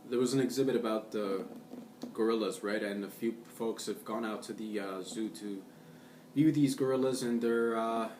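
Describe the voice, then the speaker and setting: Easygoing young guy, lowish voice, chatty rambling vlog, heard from a distance with room echo. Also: moderate pace, noisy background. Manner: rambling, laid-back, says "man" and "dude" a lot. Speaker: vlogger. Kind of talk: casual monologue. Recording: roomy echo, distant from the mic.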